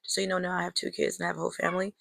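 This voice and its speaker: A young woman tells her viewers a personal story in a casual, chatty way, calling them "girl" and "y'all," and reflectively draws a life lesson from it. Her voice is fairly low, level, creaky and a bit bright, delivered very fast with no room sound.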